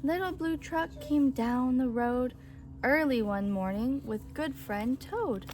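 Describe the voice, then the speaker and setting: A woman reading a children's picture book aloud in a gentle, rhythmic way. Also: high voice, takes it slowly.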